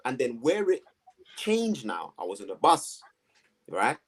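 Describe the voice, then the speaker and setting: A man, telling his story to two hosts in a lively, slangy way, acting out the voices of people around him. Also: medium pitch, unhurried, breathy edge. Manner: animated, slangy storytelling with acted-out quotes. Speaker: guest. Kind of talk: storytelling in a conversation.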